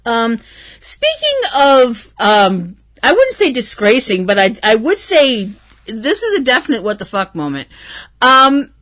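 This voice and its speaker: A woman's voice: on the high side, very animated, a little slow, pushed and bright. A woman hosting a casual podcast, ranting candidly with lots of ums and some swearing, a little stuffy from hay fever. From Irish and Canadian heritage. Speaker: podcast host. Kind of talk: casual solo podcast rant.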